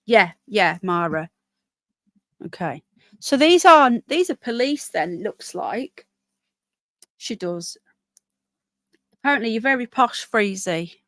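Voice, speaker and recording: A woman chats casually on a live stream as she walks through a small town, reading viewer comments and news text aloud. Her voice is a little hoarse, picked up dry and close on a handheld phone. Her pitch sits in an ordinary middle range. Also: big pitch swings, slow, long pauses, no room sound. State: hoarse, voice keeps going. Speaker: livestreamer.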